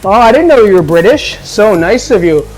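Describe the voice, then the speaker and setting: Man doing a high, exaggerated genteel British tea drinker. Quick comic bit. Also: lively intonation, faint music behind, low-quality recording. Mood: mock-genteel. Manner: mock-polite, exaggerated.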